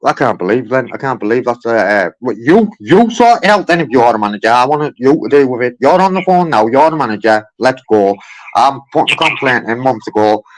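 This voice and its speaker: A man's voice: mid-range voice, expressive, fairly quick, poor audio. A frustrated man complaining to a call centre on the phone from his car, repeating himself and calling the agent mate. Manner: frustrated, repetitive, keeps saying mate.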